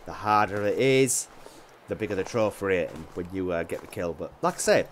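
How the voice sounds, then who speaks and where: A man with a Yorkshire accent chatting casually while playing a hunting game, rambling with restarts and often dropping his voice low. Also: expressive, a little fast, a little hiss or hum. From Yorkshire, England. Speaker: gaming YouTuber. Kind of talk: casual gameplay commentary.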